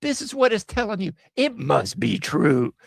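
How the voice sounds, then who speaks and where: A man's voice: high voice, sing-song, normal speed, gravelly, no echo. A man hosting a podcast, riffing sarcastically on news clips and laughing often. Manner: sarcastic, laughing, drawling slang. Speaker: show host. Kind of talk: casual podcast commentary.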